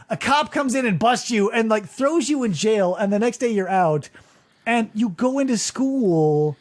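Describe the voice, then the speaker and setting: Animated high-voiced man recapping. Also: a little slow. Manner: animated, acts out quotes in voices, swears freely. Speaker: podcast co-host. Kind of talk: casual recap chat.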